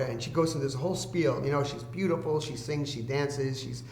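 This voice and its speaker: A man's voice: mid-range voice, fairly quick, a little mellow. A man telling a long personal story as a podcast guest, acting out the people he quotes. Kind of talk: storytelling in casual conversation. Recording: echoey room with faint hum.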